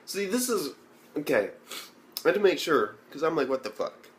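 A man's voice: fairly high pitch, very animated, moderate pace, slight background noise. A man giving a casual, profanity-heavy anime review, ranting and full of exasperated rhetorical questions.

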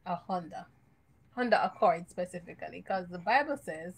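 A woman's voice: on the low side, animated, normal speed, gravelly, breathy edge. Jamaican woman hosting a live home cooking stream; playful, giggly, cracks jokes. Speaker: cooking show host. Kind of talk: casual live cooking chat. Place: home kitchen.

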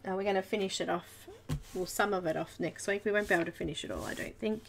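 Australian woman, casual live-stream tutor, giggly and chatty, mid-pitched, faint background hiss. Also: steady tone, fast talker, gravelly. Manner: chatty, giggly, talks to viewers while working. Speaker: host of a live colouring stream.

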